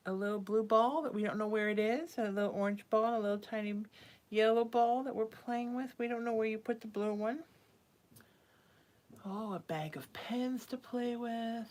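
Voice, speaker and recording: A woman's voice: on the high side, a little mellow. Woman with a light, cooing voice. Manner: coos in baby talk to her cat, sometimes whispering. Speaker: psychic medium hosting live readings. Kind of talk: casual live-stream chat.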